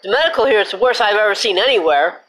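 A woman's voice: mid-range voice, animated, fast talker, a bit bright, poor audio. A woman hosting her own show, ranting with indignation, cussing and then apologizing for it. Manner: repetitive, emphatic complaining. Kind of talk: angry rant.

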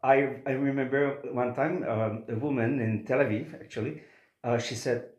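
A man speaking English with a Québécois French accent; French is his first language. He talks in halting bursts full of restarts and fillers. His voice sits in a mid pitch and carries an echoey room sound. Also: steady tone, a little mellow. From Quebec. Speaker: opera singer. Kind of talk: interview conversation.

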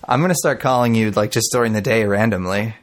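A man hosting a podcast in an easy, unhurried way. He keeps things light with joking banter and leads the chat between co-hosts. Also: lowish voice. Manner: relaxed, jokey banter. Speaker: podcast host. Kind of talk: casual chat.

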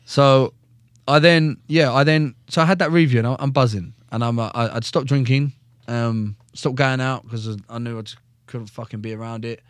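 A man's voice: mid-range voice, moderate pace, no room sound, clean studio sound. A young man, a former soldier, telling his story in a casual podcast chat, blunt and full of swearing. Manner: blunt, heavy swearing, animated retelling.

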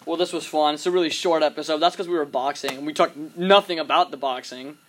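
Fast-talking joking young man. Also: a little high, steady tone, a bit bright, a little hiss or hum. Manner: quick, joking banter. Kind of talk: casual chat among friends.

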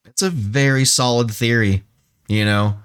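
A man's voice: medium pitch, a little slow, fairly bright tone, smooth. A man co-hosting a podcast in casual chat, laid-back and swearing freely, with many ums and restarts. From San Diego area. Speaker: podcast co-host.

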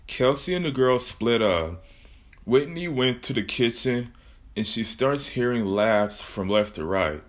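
A man's voice: mid-range voice, animated, unhurried. A man telling a comic horror story with jokey asides about his own plot.

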